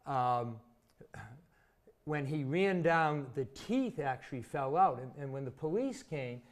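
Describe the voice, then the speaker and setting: A man's voice: on the high side, lively intonation, slow pace. A man in his sixties from Massachusetts, a former teacher telling vivid, self-mocking stories as an interview guest. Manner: chatty, vivid anecdotes with self-deprecating humor. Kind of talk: casual storytelling in an interview.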